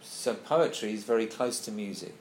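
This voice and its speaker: A thoughtful man leads a relaxed group discussion. He thinks aloud and stops now and then to read a passage out. His voice rings around an echoey room with a faint hiss underneath. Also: fairly low pitch, normal speed.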